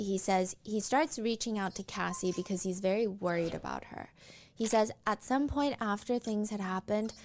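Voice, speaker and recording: A woman talks through a court case in a relaxed, conversational way, reading out testimony between her own remarks. Her pitch sits in an ordinary middle range, and "like" keeps cropping up as she thinks aloud. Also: a little hiss or hum. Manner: conversational, says "like" often. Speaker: streamer recapping a trial.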